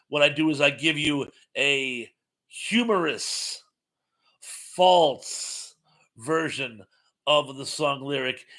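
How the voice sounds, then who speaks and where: A man talks casually on his own live stream, reading viewer comments and reacting to them. His voice is bright and forward, at an ordinary pitch for a man. He rambles loosely and drops in frequent ums and uhs.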